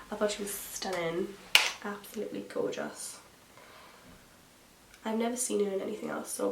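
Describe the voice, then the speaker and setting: A woman talks through her makeup routine in a loose, gossipy ramble, full of "like" and side tangents. Her voice sits at a middling pitch and carries the echo of a bare room at home. A faint hiss runs underneath. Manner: rambling, gossipy, many fillers and asides. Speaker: beauty vlogger. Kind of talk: chatty get-ready-with-me makeup tutorial.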